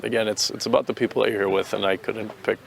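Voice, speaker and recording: A man's voice: on the low side, steady tone, fast talker, gravelly, a little hiss or hum. An American man answering interview questions outdoors, earnest and opinionated, often restarting his sentences. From United States. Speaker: interviewee, volunteer fighter.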